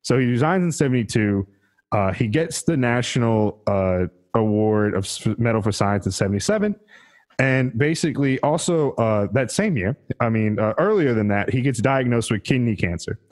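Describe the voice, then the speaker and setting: A man's voice: mid-range voice, expressive, moderate pace. Profane, rambling male podcast host. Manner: profane, rambling, laughs at own jokes. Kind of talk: casual comedic history chat.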